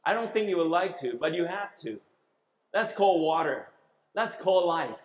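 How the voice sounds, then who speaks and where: A man's voice: fairly high pitch, lively intonation, normal speed, echoey room, low-quality recording. A man preaching a sermon as pastor, emphatic, asking the congregation questions and having them repeat words after him.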